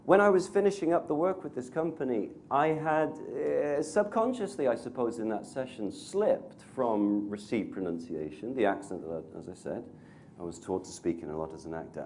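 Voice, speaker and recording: Lively laughing man from North Wales. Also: mid-range voice, a little hiss or hum. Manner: lively storyteller who laughs often. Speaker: actor and voice coach guest speaker. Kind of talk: anecdotal talk to teachers.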